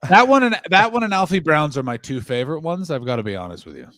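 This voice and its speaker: A man hosting a casual comedy podcast, teasing his guests and quick to laugh. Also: a little high, big pitch swings, a bit bright, dry recording, studio quality. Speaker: podcast host.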